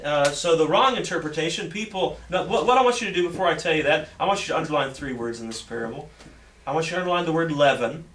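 A man's voice: on the high side, a bit bright, echoey room. Man, pastor, sermon, earnest, repeats phrases, distant mic, faint background hiss. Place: church sanctuary.

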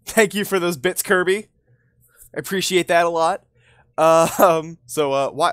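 A man streaming a game live, excitable and swearing, talking to his chat. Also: a little high, a little fast. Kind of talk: live gameplay commentary.

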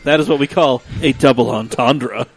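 A man's voice: mid-range voice, gravelly. A man hosting a casual podcast, making wry jokes and steering the episode to its close. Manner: wry, quick with jokes, wraps up the show. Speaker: podcast host. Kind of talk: casual chat.

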